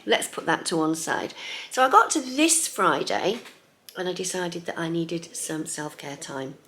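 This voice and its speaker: A middle-aged woman chatting casually in her sewing vlog, lively and chatty, sometimes dropping to a soft near-whisper. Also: fairly low pitch, creaky, slight background noise. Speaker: sewing vlogger.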